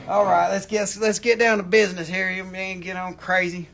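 A man's voice: sits high, level tone, moderate pace, gravelly, few pauses, a bit bright. A man with an Appalachian accent hosting a live crystal sales stream, joking around in a goofy, slangy drawl. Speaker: livestream host selling crystals.

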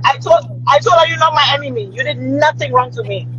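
A middle-aged woman tells a story in a chatty way, stopping often to check in with her listener. Her voice is very high, and the recording sounds a little muffled. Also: fast, fairly bright tone, slight background noise. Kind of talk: casual storytelling chat.

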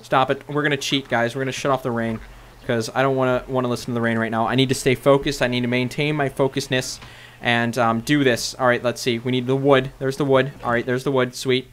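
A young man casually narrating his own game play to viewers, chatty and bursting into loud excited shouts. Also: mid-range voice, quick pace. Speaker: gaming video host. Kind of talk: casual Minecraft let's play commentary.

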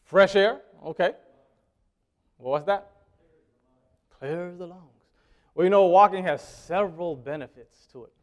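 Guy preaching to his church, kinda high voice, chatty, keeps asking the crowd stuff, goes loud then soft. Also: measured pace, pauses often. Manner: conversational, asks the congregation questions; swings between loud emphasis and quiet asides. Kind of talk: sermon.

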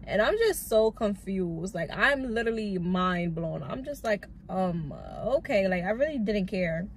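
A young woman in her twenties telling a story straight to her viewers in a chatty, animated way, full of "like" and "bro" fillers. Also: mid-range voice, moderate pace, slight background noise. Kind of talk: casual storytime chat.

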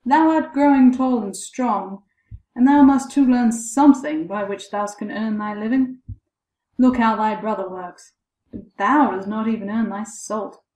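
A woman's voice: a little high, measured pace, dark tone, natural voice. Woman doing a weary scolding old father. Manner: scolding, old-fashioned speech. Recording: echoey room.

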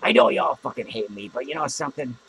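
A man's voice: medium pitch, fast, slight background noise, natural voice, poor audio. A man playing a crude, drunk clown who hosts a podcast from a small studio, rambling and swearing between cackling laughs. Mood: boozy rambling. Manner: rambling, profane, self-mocking, with loud cackling laughs. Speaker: podcast host. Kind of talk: comic in-character podcast rant.

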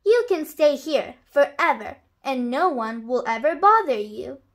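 A woman voicing a gentle, good-natured man in a children's storybook, speaking softly and earnestly. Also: sits high, animated, measured pace. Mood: pleased. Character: gentle, good-natured man fond of his old shoes.

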